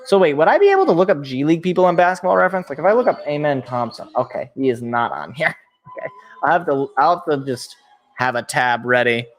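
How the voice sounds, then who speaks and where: A young man with a high-pitched voice talks through a live sports event as it happens. He rambles and thinks out loud, getting excitable as he reacts. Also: fast talker. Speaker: sports show host. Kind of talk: live draft reaction commentary.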